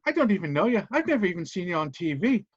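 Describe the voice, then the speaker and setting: A man's voice: sits high, very animated, quick pace, dry recording, lo-fi sound, pitched above the performer's own voice. Brusque Irish corporate VIP with a lifted voice, put on by a man, curt and dismissive.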